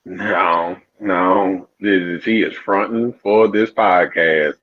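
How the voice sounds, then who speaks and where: Teasing low-voiced man on a lo-fi line. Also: fairly even intonation, slow pace, slight background noise. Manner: teasing, joking banter. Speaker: podcast guest. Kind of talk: casual chat.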